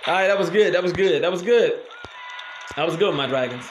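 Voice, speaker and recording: Excitable male game commentator, high voice, noisy mix. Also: fairly quick. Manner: loud exclamations and cursing at the game. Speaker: gaming channel host.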